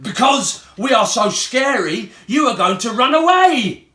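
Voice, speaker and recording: Storybook role: a slow, growly, boastful monster mug boss, played by a man, roomy echo. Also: high-pitched, sing-song, a bit bright, exaggerated voice. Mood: scheming. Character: scheming, boastful male monster mug leader.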